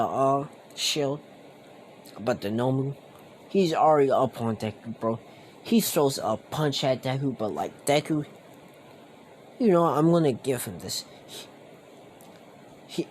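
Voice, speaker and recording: A young man tells a made-up fan story in a loose, slangy way, piling on fillers as he goes. He talks slowly at a middle pitch, with faint room noise behind him. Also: poor audio. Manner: rambling, slangy, many fillers.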